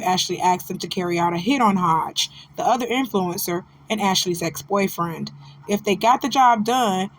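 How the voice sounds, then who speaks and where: A woman with a mid-range voice hosts casual celebrity gossip commentary, animated and preachy, calling her listeners "baby."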